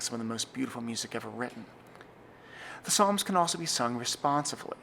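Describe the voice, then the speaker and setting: A young man, a church music director, giving an earnest, scripted tutorial, sometimes slowing to a careful, deliberate reading pace. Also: medium pitch, vocal fry, fairly bright tone, a little hiss or hum. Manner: measured, earnest, reads slowly and deliberately in demonstrations. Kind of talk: scripted instructional talk.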